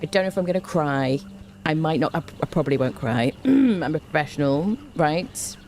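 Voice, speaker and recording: A woman's voice: low voice, lively intonation, moderate pace, darkish tone, soft background music. A woman chatting on a live stream from home into a desk microphone, bubbly and overexcited, rambling eagerly to her viewers. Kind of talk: casual live stream chat.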